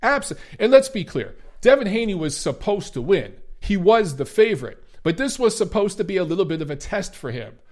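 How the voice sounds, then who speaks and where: A man's voice: high voice, sing-song, brisk, hardly any pauses, a little mellow. A man hosting a boxing review show, giving blunt, profane, emphatic commentary in a ranting style. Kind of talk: opinionated commentary and rant.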